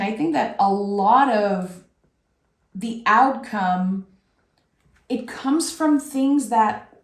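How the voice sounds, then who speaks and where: A woman doing a tarot reading, speaking softly and with feeling. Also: medium pitch, roomy sound. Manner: slow, soft-spoken and emotional. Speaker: tarot reader.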